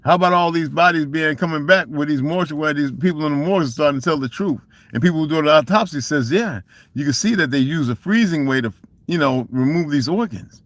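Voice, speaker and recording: A man's voice: on the high side, a little fast, a bit bright, no echo. A man with a Southern US accent ranting casually and profanely on a livestream, emphatic and laughing often. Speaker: livestream host. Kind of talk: casual rant.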